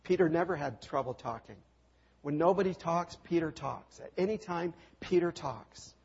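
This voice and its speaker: Gravelly-voiced male preacher, dull recording. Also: fairly high pitch, moderate pace, darkish tone. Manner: dramatic retelling with rhetorical questions and repeated refrains. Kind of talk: sermon.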